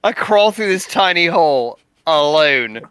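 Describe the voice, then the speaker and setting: Bright, sweary young man playing a tabletop game. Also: on the high side, expressive, clean tone, no room sound. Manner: joking, sweary, quick asides. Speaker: player. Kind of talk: casual tabletop game chat.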